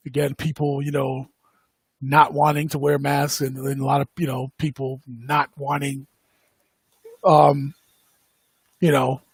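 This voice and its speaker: A man's voice: medium pitch, flat delivery, a little slow, creaky, long pauses, husky, no room sound. A man hosting a podcast, talking casually and rambling, with lots of fillers and frequent laughs. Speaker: podcast host. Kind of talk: casual livestream commentary.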